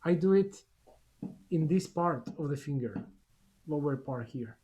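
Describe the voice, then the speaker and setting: A man's voice: on the high side, animated, measured pace, warm tone. A male clarinet teacher giving a masterclass over a video call, with short encouraging instructions between demonstrations. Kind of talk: masterclass coaching.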